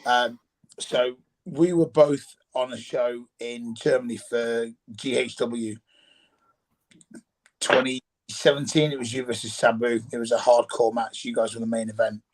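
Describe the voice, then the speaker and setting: A man's voice: mid-range voice, steady tone, measured pace, rough recording. A man hosting a live autograph signing, chatting easily and reading out requests. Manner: easygoing, affirming. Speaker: signing session host. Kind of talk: casual chat.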